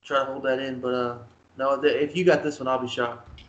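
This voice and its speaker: A man co-hosting a casual sports podcast, talking in an earnest, halting way with many restarts. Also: mid-range voice, flat delivery, lo-fi sound. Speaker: podcast co-host. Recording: roomy echoey sound.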